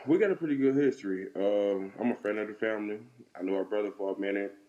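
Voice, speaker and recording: A man's voice: lowish voice, fast talker, dark tone. Man on a dull lo-fi remote call. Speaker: remote guest. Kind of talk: casual talk show interview. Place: his home.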